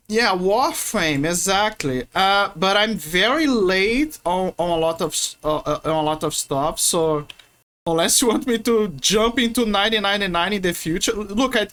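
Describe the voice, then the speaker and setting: A woman's voice: medium pitch, a bit bright. Playful woman streamer. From Brazil. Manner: rambling, playful, many restarts. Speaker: game streamer. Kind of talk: casual stream chat while gaming.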